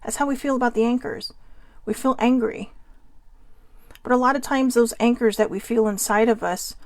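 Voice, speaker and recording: A woman's voice: fairly high pitch, steady tone, normal speed, no room sound. A woman hosting a candid, rambling self-help talk, openly self-deprecating. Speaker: host.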